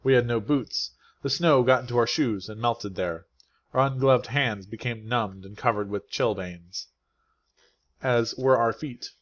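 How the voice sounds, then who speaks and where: Male audiobook narrator, mid-pitched, steady and clear; slightly dull lo-fi recording. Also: unhurried. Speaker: English teacher reading a novel aloud.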